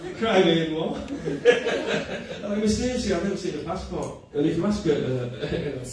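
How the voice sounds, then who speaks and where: A man's voice: fairly high pitch, animated, a little fast, crowd noise. A male comedian performing a stand-up set at a cafe comedy night, self-deprecating and often laughing at his own lines. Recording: echoey room, far mic, noisy.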